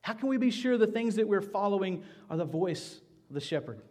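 A middle-aged male pastor delivers a sermon in a fairly high voice. He reads scripture with rising force, then sinks into quiet, hushed appeals to the congregation. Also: animated, a little fast. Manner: earnest preaching, rising to loud scripture reading, dropping to soft hushed appeals.

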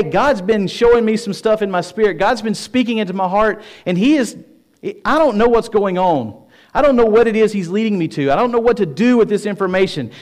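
A middle-aged male pastor from Tennessee preaching a sermon, telling stories with self-deprecating humor and emphatic repetition. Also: sits high.

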